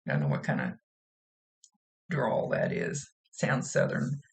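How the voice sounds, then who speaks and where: A woman's voice: very deep voice, very animated, unhurried, creaky. A woman working as a psychic medium, giving a casual reading in a chatty, folksy, rambling way.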